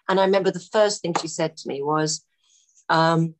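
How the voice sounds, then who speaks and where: A woman telling film-set anecdotes in a relaxed interview, often laughing as she talks. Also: low-pitched, normal speed. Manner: animated, laughing storyteller. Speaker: actress guest.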